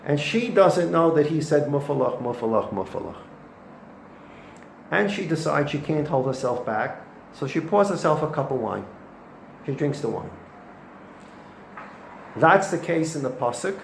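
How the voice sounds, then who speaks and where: Rabbi teaching in an echoey room. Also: male voice, fairly high pitch, moderate pace, vocal fry, pauses often. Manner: animated storytelling with Hebrew and Yiddish terms. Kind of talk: weekly Torah lesson. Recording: echoey room with faint noise.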